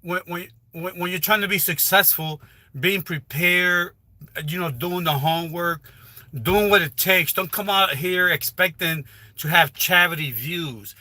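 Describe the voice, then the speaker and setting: Man, high and bright-toned, rambling casual livestream advice, dry close phone sound. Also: measured pace, no echo. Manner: rambling, repetitive, with frequent restarts. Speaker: livestreaming YouTuber. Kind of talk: casual live stream advice talk. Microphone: phone held while livestreaming.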